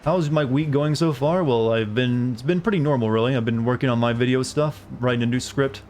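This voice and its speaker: A man's voice: mid-range voice, fairly quick, darkish tone, slight background noise. A young man from the southern United States, a streamer chatting casually and rambling as he plays, swearing now and then. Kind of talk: casual chat while gaming.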